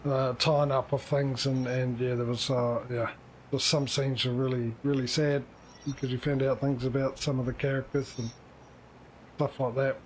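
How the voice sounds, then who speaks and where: A mid-pitched man chats casually on a gaming livestream, talking to himself and teasing himself as he plays. Faint noise hums behind his voice. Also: level tone, normal speed. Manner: chatty, self-mocking, talks to himself while playing. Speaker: streamer.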